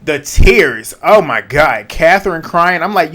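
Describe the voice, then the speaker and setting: A man hosting a casual reality TV recap vlog, talking in slang with a lively, profane way of telling the story. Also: fairly high pitch, takes it slowly, few pauses, a little hiss or hum. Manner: animated, profane, slangy storytelling with quoted reactions.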